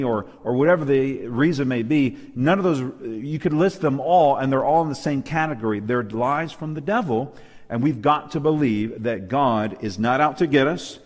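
A man's voice: medium pitch, normal speed. Emphatic preacher man in a reverberant hall. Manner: emphatic, asks the audience for amens. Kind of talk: sermon-style Bible lesson. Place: church hall with local and online audience.

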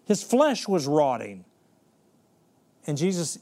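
Dramatic preacher with a higher male voice. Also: sing-song. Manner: dramatic, swings between soft slow and loud fast; repeats words and restarts mid-thought. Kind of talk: sermon.

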